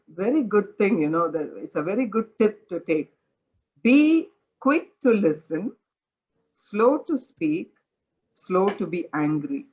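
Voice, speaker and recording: A woman leads a Bible study in an earnest, direct way, repeating her points and giving plain advice. Her pitch sits in a middle range. The recording sounds slightly dull and lo-fi. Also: slight background noise.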